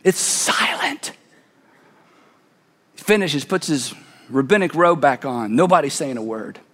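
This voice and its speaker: A man preaching a sermon, retelling a story dramatically and dropping to a hush for emphasis. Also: on the high side, sing-song, a little slow, in a large hall. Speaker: pastor.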